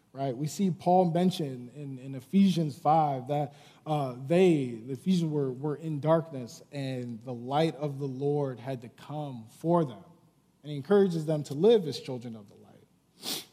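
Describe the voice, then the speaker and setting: Pastor, male, mellow tone, chatty sermon delivery, reverberant hall. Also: fairly high pitch. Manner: conversational preaching, frequent "right?" and fillers.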